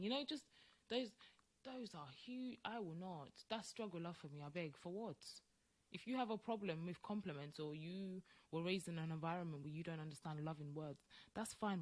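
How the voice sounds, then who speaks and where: Emphatic woman co-hosting a podcast. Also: low-pitched. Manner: emphatic, animated, acts out quoted voices. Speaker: podcast co-host. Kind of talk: casual podcast chat.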